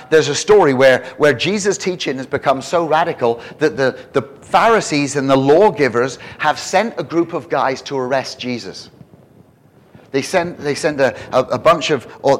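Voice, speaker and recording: A man preaching a sermon in an animated way, often repeating and restarting words as he builds to emphatic questions. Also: mid-range voice.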